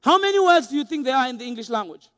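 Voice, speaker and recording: A young man with a high, light voice delivers a lively motivational talk to a big crowd. He acts out little scenes and voices for laughs. The sound is dry and close. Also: very fast, no room sound. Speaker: motivational speaker. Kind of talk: motivational keynote speech. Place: large hall with a live audience.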